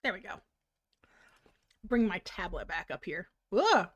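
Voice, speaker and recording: A woman streamer chatting casually while she draws, bubbly and quick to laugh. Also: fairly low pitch, expressive, fairly bright tone. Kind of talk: casual livestream chat.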